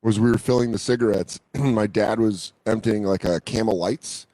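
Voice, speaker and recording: A man's voice: lowish voice, fairly even intonation, normal speed, warm tone, no room sound, rough recording. A man hosting a podcast, telling crude comic stories in a loose, swearing, casual chat. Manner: loose, swearing, storytelling with silly voices. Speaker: podcast host.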